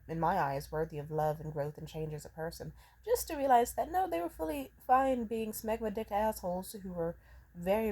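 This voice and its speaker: A woman's voice: fairly low pitch, darkish tone. A woman in her twenties venting in a rambling, profanity-heavy personal rant. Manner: profane, rambling, emotionally charged. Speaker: vlogger. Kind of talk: ranting personal vent.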